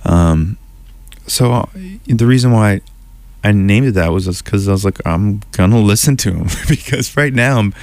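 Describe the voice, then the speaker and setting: Low-voiced man telling a winding story. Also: normal speed, a little mellow, no room sound. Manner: loose, winding storyteller who circles back on himself. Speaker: musician guest. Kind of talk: radio interview storytelling.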